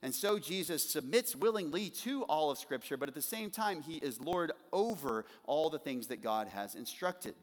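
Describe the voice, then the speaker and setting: A man preaching an expository sermon in an earnest way, slowing down and repeating his key phrases. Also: a little high, expressive, big-room sound. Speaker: pastor.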